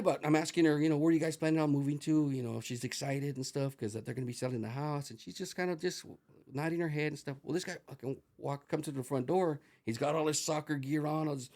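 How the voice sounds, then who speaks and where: Middle-aged male guest, animated storyteller, gravelly and quick. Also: fairly high pitch. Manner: profane, animated, acts out dialogue with Spanish phrases. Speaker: interview guest. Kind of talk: casual storytelling.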